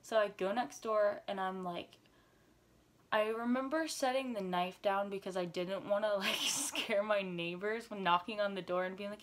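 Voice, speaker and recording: Young woman, vlogger, animated storytelling, filler-heavy, chatty, medium pitch. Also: unhurried. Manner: animated retelling, frequent "like" fillers. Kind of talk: story time vlog.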